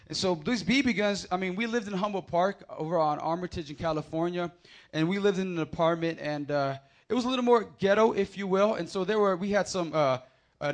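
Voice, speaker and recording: A man preaching a sermon, swinging from loud emphatic scripture readings to quiet, casual storytelling. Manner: builds to loud emphatic proclamations, then drops low for anecdotes.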